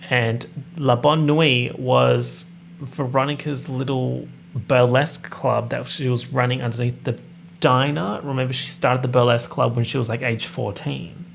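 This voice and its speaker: A man's voice: mid-range voice, level tone, unhurried, creaky, a little hiss or hum. A young man hosting a casual podcast, reading out a plot summary with sarcastic asides. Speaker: podcast host.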